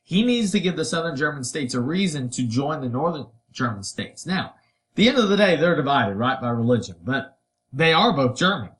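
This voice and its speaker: A man's voice: fairly high pitch, big pitch swings, moderate pace, fairly bright tone. A man teaching a history lesson in a casual, conversational way, tossing in playful asides and putting on voices for quotes. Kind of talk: recorded history lecture.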